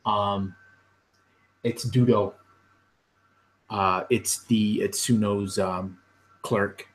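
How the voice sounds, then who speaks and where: A man running a tabletop fantasy game, his voice on the lower side. He narrates in an unhurried way, pausing on frequent fillers. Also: steady tone, poor audio. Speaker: game master.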